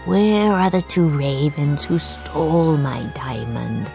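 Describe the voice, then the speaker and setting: A woman voicing a cruel half-bird male king with a raspy voice, drawing out his words slowly and mockingly. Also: low-pitched, mellow, soft background music, exaggerated voice. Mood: menacing. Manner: slow, drawn-out, mocking.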